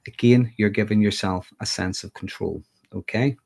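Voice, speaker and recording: A man's voice: fairly low pitch, fairly even intonation, moderate pace, gravelly, a little mellow. A man from Northern Ireland with a Northern Irish accent, talking casually on a livestream and often checking in with "okay?". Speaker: mental health livestreamer.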